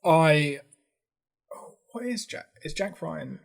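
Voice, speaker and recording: A man's voice: on the high side, expressive, slow, creaky. A man co-hosting a casual chat, giggling often, swearing freely and mock-ranting for laughs. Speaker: podcast co-host.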